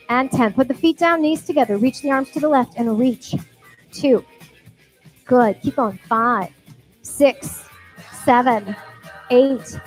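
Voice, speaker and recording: With workout music behind her, a woman leads a barre class, counting reps, offering encouraging cues, and whooping cheerfully. Her pitch is fairly high. The recording is rough.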